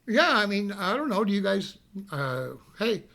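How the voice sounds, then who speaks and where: Gravelly high-voiced man telling a story. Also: moderate pace. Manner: animated, swears freely, laughs while telling. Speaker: live stream host telling a story. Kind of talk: casual storytelling.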